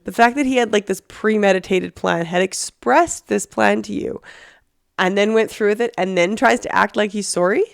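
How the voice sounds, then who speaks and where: A woman's voice: medium pitch, moderate pace, creaky, clear, resonant tone, no room sound, studio quality. A woman hosting a podcast, reflecting and reasoning aloud in casual conversation with fillers. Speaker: podcast host. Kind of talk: casual interview chat.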